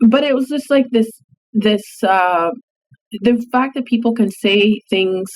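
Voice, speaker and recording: A woman journalist from East Africa, a podcast guest, telling her story in a thoughtful, measured way, with pauses and fillers. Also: mid-range voice, slight background noise, low-quality recording. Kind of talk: reflective interview storytelling.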